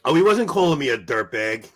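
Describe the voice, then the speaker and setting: A man's voice: mid-range voice, very animated, fairly quick. A man with a Long Island New York accent, hosting a casual trivia show and laughing easily. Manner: laughing easily, loose and chatty. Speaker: quiz host.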